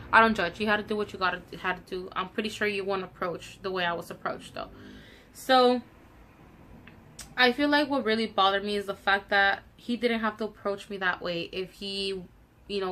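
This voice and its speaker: A young woman tells a storytime for her vlog in a bright, forward voice. She retells the encounter with indignation and acts out the other people's lines. Her speech is casual and full of swearing. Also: medium pitch, a little hiss or hum. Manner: animated, indignant retelling with quoted dialogue. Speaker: vlogger.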